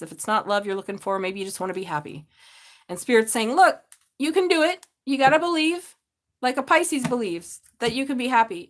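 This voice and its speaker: A woman giving a live tarot reading, chatty and laughing often, swearing freely and calling viewers babe. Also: medium pitch. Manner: talks straight to viewers, calls them babe. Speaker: tarot reader.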